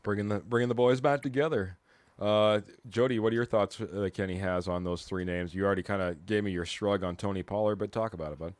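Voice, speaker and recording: Lower-voiced man hosting a sports chat. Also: steady tone, quick pace, dry recording. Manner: chatty, steers the talk. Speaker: host.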